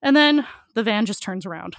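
A woman's voice: medium pitch, lively intonation, moderate pace, vocal fry, fairly bright tone, dry recording, clean studio sound. A woman telling a story as a podcast guest, candid and laughing often, with lots of "like". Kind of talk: casual storytelling interview.

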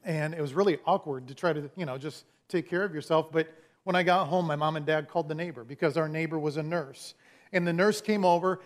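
A man preaching a sermon with a fairly high voice for a man. He speaks in a folksy, storytelling way and leans on humor to make his point to the congregation. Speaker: pastor.

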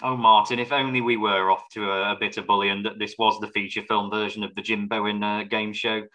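A man's voice: fairly low pitch, level tone, a little fast, pushed and bright, low-quality recording. A man co-hosting a film podcast, reviewing a movie with wry, sarcastic humor. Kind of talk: casual film review chat.

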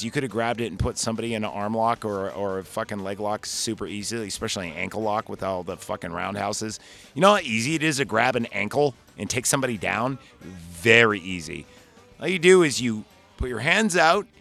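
A man's voice: mid-range voice, vocal fry. Profane rambling podcast guy. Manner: rambling, profane, animated retelling. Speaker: podcast host reviewing a movie. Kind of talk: casual chat.

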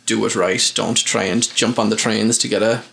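A man's voice: lowish voice, steady tone, brisk, vocal fry, fairly bright tone, rough recording. A man hosting a casual podcast, chatty and fond of long explanations. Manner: chatty, explains things at length. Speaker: podcast host.

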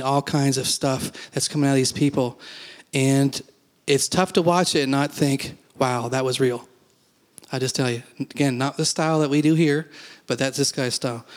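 Middle-aged guy preaching, chatty and folksy, kinda high voice, not much up and down. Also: darkish tone. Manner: conversational, folksy teaching with asides. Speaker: pastor. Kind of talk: sermon.

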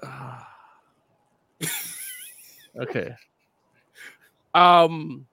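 A man's voice: a little high, extremely slow, sharp tone, a little hiss or hum. A man co-hosting a fan talk show in casual chat, joking, swearing freely and laughing often. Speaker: co-host of a call-in fan show.

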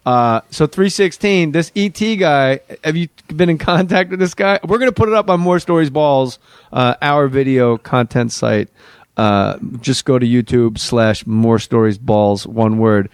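Playful guest man, mid pitch, dry close sound. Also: unhurried, clean tone, dry recording. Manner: playful, plugging his site. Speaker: podcast guest. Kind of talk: casual comedic chat.

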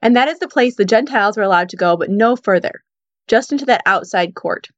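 A woman's voice: mid-range voice, lively intonation, a little fast, no room sound. A woman giving a casual Bible teaching, retelling the story in a conversational way with frequent "you know" and "like". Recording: dull, dry sound.

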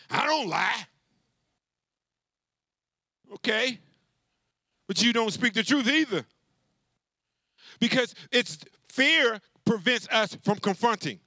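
High, bright-voiced animated preacher man. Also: no room sound. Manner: conversational preaching with call-and-response; animated, with many restarts and asides. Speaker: pastor. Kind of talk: sermon.

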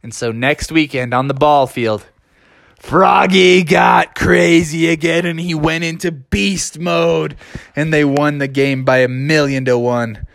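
A man's voice: on the high side, steady tone, a little slow, vocal fry, fairly bright tone, no room sound. A young man improvising a silly story, rambling and playful, laughing along.

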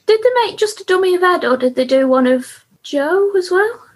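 A young woman co-hosting a podcast, chatty and quick as she recaps an episode with laughs. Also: extremely high pitch, lively intonation. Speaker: podcast co-host. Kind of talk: casual chat.

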